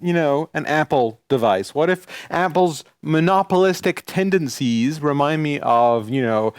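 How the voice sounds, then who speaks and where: A man's voice: on the high side, animated, a little slow, clear, resonant tone, dry recording, clean studio sound. A man co-hosting a casual tech show, chatting and ranting in a joking way while demonstrating a gadget.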